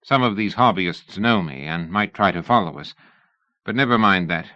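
An audiobook reader, a man, voicing a brisk, matter-of-fact male engineer in a dull lo-fi recording. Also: deep voice, expressive, pushed and bright, no room sound. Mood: earnest.

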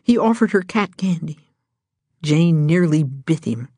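Woman narrating a children's storybook, low voice, gentle and even, dry close recording. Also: unhurried, dry recording. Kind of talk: storybook reading aloud.

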